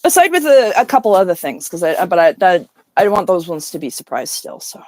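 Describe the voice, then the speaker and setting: A woman from Canada co-hosting a casual livestream chat, playful and quick to joke. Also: on the low side, big pitch swings, darkish tone, dry recording. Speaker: co-host.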